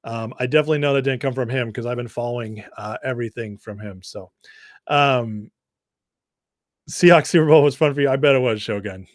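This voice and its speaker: Deep voiced guy running a live stream, reads chat, laughs a lot, dry sound. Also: a little fast, no echo. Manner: chatty, laughs often, many fillers and restarts. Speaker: livestream host. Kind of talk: casual political commentary, reading viewer comments.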